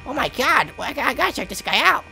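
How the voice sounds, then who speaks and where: A woman giving gameplay commentary with friends, jumpy and yelling and swearing in fright. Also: sits high, big pitch swings, fast, creaky, soft background music. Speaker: gaming video host.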